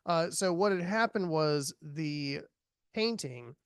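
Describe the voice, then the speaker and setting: A man in his thirties hosting a podcast, talking casually in a rambling way, full of fillers and quick laughs. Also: fairly high pitch, lively intonation, smooth, no room sound, clean studio sound. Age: 30s. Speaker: podcast host reviewing a horror film. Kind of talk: casual chat.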